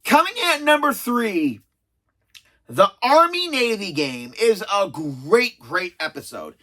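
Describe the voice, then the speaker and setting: Bright, chatty reviewer in their thirties. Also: medium pitch, sing-song, slow pace. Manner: chatty, self-described sarcastic, rambling with restarts. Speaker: video reviewer. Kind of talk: casual spoken episode countdown.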